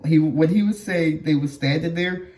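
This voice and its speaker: A man's voice: on the high side, normal speed, a little mellow. A man reacting casually to a clip, incredulous and slangy. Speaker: reaction streamer.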